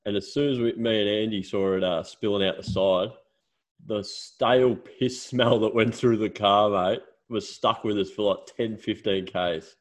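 Low-voiced Australian man telling stories. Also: steady tone, moderate pace. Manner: swearing storyteller. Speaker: podcast co-host. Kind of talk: casual chat.

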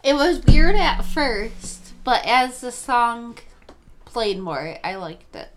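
A woman's voice: on the high side, big pitch swings, slow pace, slight background noise. A woman co-hosting a casual gossip podcast with her husband, giving dry, tired short replies. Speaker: podcast co-host.

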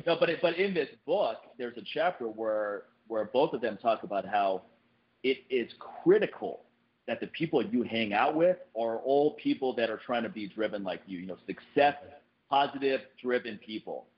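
A man hosting a podcast in casual chat, animated, his voice jumping up high whenever he quotes someone. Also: moderate pace. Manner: animated, jumps up in pitch when quoting people. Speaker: podcast host. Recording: dull lo-fi podcast recording.

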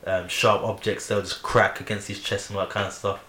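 A man's voice: on the low side, little pitch movement, fairly quick, bright, forceful tone. A young man, co-hosting a casual chat in a laid-back way, full of fillers and slang. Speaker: podcast co-host. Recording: echoey room with faint hiss.

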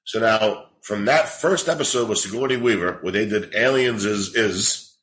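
Profane rambling man, lowish voice. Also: normal speed, a little hiss or hum, rough recording. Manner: rambling, profane, animated storytelling. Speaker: comedian guest. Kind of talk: casual podcast chat.

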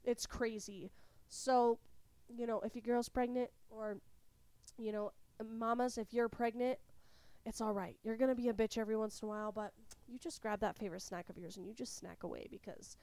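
A woman's voice: a little high, moderate pace, no echo. A young woman from California hosting a podcast, a little sick, telling a story casually and candidly with plenty of swearing. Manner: candid, swears freely, animated retelling. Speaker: podcast host.

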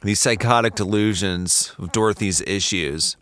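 A man's voice: fairly low pitch, normal speed, fairly bright tone, dry recording, clean studio sound. A man co-hosting a podcast in a loose, casual way, with swearing and laughter. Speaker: podcast co-host. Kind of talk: casual chat.

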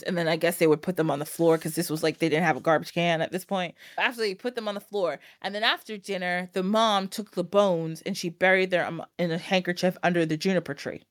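Woman, podcast host, animated storytelling, laughs often, dry close sound. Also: lowish voice, brisk, hardly any pauses, dry recording. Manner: animated, laughing, acts out quoted lines. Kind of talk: casual retelling of a fairytale.

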